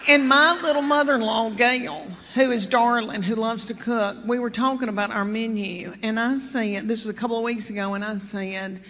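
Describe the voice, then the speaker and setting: A woman's voice: fairly high pitch, steady tone, fairly bright tone. A woman in her fifties with a Southern US accent, telling chatty, folksy stories in a stand-up comedy set. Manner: chatty, folksy storytelling with drawn-out asides. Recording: long hall reverb, clear crowd noise.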